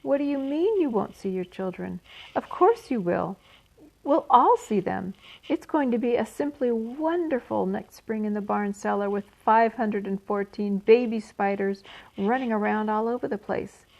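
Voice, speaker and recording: A woman's voice: medium pitch, expressive, normal speed, vocal fry, a little mellow, lo-fi sound. A woman voicing a naive young male pig in a raised, earnest, wondering voice. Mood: eager.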